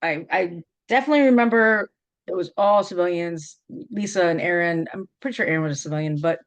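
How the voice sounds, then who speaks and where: A middle-aged woman interviewing an old college teammate, reminiscing in a lively, laughing, storytelling way. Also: on the low side, a little fast. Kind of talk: casual reminiscing conversation.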